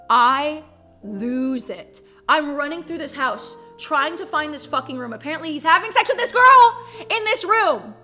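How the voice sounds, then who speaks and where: Young woman, high bright voice, animated casual storytelling, swearing, faint music behind. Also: moderate pace. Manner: animated, profane, peppered with "like". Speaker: streamer.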